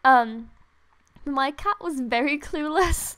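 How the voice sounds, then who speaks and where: Late at night, a young woman who makes gaming videos plays and chats excitedly into a desktop USB mic. Tired yet gushing, she giggles and squeals often, her voice sitting high and her pace slow.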